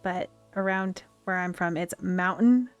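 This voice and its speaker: A woman's voice: mid-range voice, steady tone, measured pace, muffled recording. Chatty woman with a Western US twang. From United States. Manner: chatty, rambling storyteller. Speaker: streamer. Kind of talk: casual chat while playing a game. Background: faint game music.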